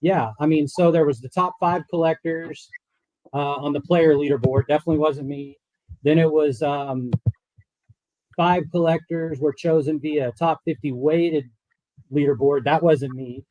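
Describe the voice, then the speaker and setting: A man appearing as a podcast guest, chatting in a relaxed, rambling way. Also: a little high, unhurried, dry recording, low-quality recording. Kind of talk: casual podcast chat.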